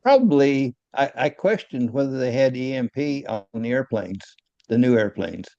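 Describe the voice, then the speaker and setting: A man's voice: mid-range voice, animated, normal speed, warm tone, no echo, highs cut off. An older man, a retired aircraft engineer, talking casually in an interview, often repeating words and chuckling at his own stories.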